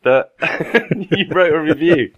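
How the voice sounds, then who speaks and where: A man's voice: a little high, slow pace, no echo, dull audio. A man co-hosting a casual movie podcast, enthusiastic and teasing, often laughing. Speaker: podcast co-host.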